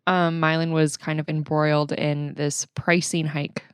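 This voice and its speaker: A woman's voice: low-pitched, little pitch movement, unhurried, smooth, no room sound, studio quality. A woman co-hosting a business news podcast, recapping stories in a casual way with many fillers. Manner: conversational, frequent "um" fillers. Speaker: podcast co-host.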